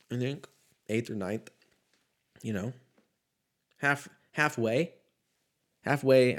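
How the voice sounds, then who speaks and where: Thirties dude rambling about hoops, swears a lot, laughs at himself, pretty laid back. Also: male voice, fairly low pitch. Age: 30s. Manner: rambling, profane, laid-back, self-mocking. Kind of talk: casual solo sports rant.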